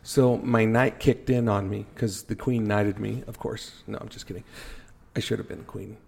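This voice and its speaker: A middle-aged man telling a story on a podcast, animated and joking as he goes. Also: on the low side, moderate pace, gravelly, slight background noise. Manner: animated storyteller, jokey asides. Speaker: podcast guest. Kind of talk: casual storytelling.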